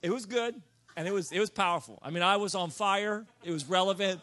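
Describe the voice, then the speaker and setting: Animated high-voiced preacher telling stories. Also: male voice, fairly quick. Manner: animated, self-mocking, bursts into loud comic shouts. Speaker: pastor. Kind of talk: sermon storytelling. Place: church or conference room.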